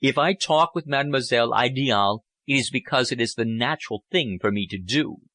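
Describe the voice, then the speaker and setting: A man's voice: mid-range voice, animated, fairly quick, pushed and bright, no room sound. A man playing a poor, lovesick young officer who talks in a brooding, earnest way. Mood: indignant.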